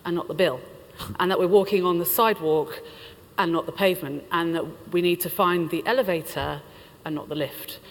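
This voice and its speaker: Speaking at a moderate pace in a lowish voice, a conference speaker with a British English accent from the UK keeps her talk light and playful, laughing between her lines. The large hall she addresses adds noticeable reverb.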